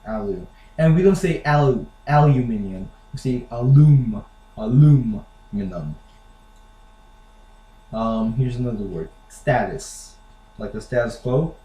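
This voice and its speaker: A man's voice: mid-range voice, mellow. Rambling American man in echoey room. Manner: rambling, with lots of "like" and "you know". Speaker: vlogger. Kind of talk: casual to-camera chat.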